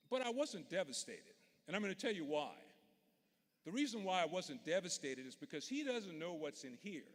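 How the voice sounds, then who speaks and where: In a large indoor arena, a man from Louisiana delivers a commencement speech built on storytelling. His voice is slightly high and a bit bright, and his manner is homespun, earnest and direct. Long arena reverb fills the recording.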